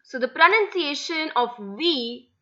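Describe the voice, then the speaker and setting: A young Spanish tutor leads a slide-based beginner lesson, calmly spelling words letter by letter. She speaks unhurriedly in a high, sharp voice with lively intonation, captured in lo-fi sound.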